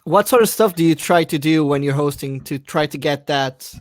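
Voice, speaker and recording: A man comedian co-hosting a podcast, thinking aloud in a halting way. His voice sits slightly high. The recording is dry and close, with no room sound. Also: dry recording. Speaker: comedian, co-host. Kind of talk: casual chat.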